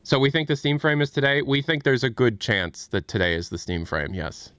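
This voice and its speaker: A man's voice: medium pitch, lively intonation, a little fast, fairly bright tone, clear, resonant tone, no echo. Frank, rambling American streamer man. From United States. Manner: rambling, self-interrupting, frank. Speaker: livestream host. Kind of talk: casual livestream commentary.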